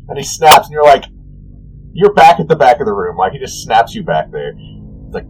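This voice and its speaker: Animated male game master, lively voice. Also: mid-range voice, normal speed, slight background noise, poor audio. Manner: casual and animated, with frequent "like". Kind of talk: narrating a tabletop game.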